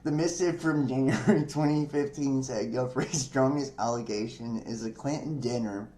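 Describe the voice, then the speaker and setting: A man's voice: mid-range voice, moderate pace, mellow, a little hiss or hum. A man hosting a podcast, reading news articles aloud and breaking off into profane, chatty commentary with frequent laughs. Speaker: podcast host. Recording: echoey room.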